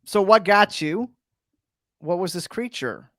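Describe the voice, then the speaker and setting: Man, podcast co-host, casual storytelling, dramatic build-ups, slightly high voice, dry sound. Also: animated, slow pace, bright, forceful tone, dry recording. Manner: dramatic build-ups, fond of "you know".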